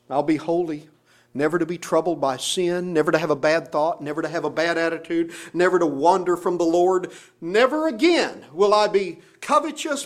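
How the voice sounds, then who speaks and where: A middle-aged man, a pastor, preaching a sermon with rising emphasis and pointed rhetorical questions. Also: sits high.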